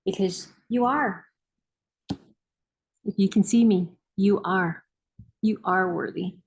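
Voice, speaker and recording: A woman's voice: medium pitch, slow pace, a little hiss or hum, low-quality recording. A woman hosting a book club, reading aloud and giving an emphatic, rousing motivational talk.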